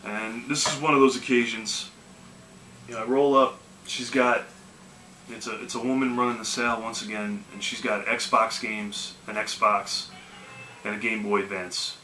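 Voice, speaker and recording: A man with a fairly low voice speaks at normal speed, his tone sharp and his pitch barely moving. As a video game collecting vlogger, he casually rambles through yard-sale stories, full of "man" and "you know." The echoey room carries faint music and slight background noise.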